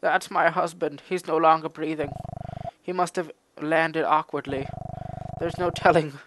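A man reading game dialogue aloud, voicing a gentle, grieving female mountain goat in a slow, soft, earnest way. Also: a little high, fairly even intonation, noisy background, voice pushed up, close to an everyday voice. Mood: mournful. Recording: game music underneath.

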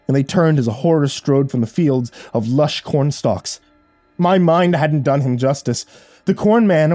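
A man narrating a horror story in first person, with measured, dramatic storytelling. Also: medium pitch, warm tone, no room sound.

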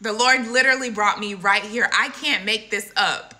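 A woman's voice: mid-range voice, moderate pace, bright, forceful tone. A woman giving an earnest, casual devotional testimony and addressing her listeners as guys. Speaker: Christian content creator.

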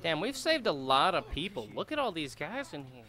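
A man's voice: on the high side, sing-song, normal speed, bright, forceful tone, soft background music. A man giving casual, joking let's-play commentary, chatty and laughing often. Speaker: gamer streamer.

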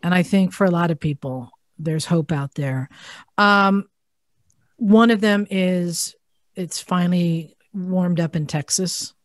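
A woman's voice: fairly low pitch, slow, no room sound. A woman co-hosting a casual podcast from a garage studio. She talks in an earnest, rambling way with many fillers. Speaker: podcast co-host.

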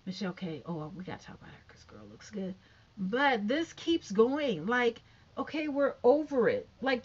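A woman with a high, youthful-sounding voice chatting casually and sassily to camera about online gossip. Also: muffled recording. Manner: chatty, sassy, animated, talks straight to viewers. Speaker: YouTube commentator.

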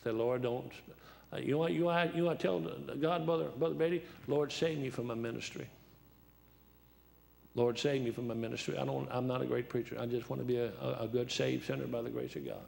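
Gravelly older male preacher. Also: mid-range voice, fairly even intonation, quick pace, a little mellow. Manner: folksy, rambling, laughs at his own stories. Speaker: guest preacher. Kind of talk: sermon with storytelling.

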